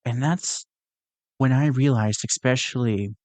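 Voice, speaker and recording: Speaking at a measured pace, this young man has a medium-pitched voice with a darkish tone and no echo around it. He's hosting his own podcast, musing casually and earnestly, rambling along with plenty of fillers and restarts.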